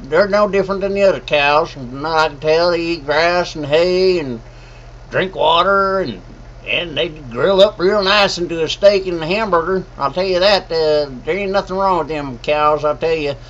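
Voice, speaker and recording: A man's voice: on the high side, normal speed, fairly bright tone, a little hiss or hum, lightly acted. A man playing a folksy rural rancher who rambles with hesitant filler. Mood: rambling. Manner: drawling, rambling, folksy slang. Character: folksy rural old rancher chewing tobacco. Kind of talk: comedic monologue. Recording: dull lo-fi sound.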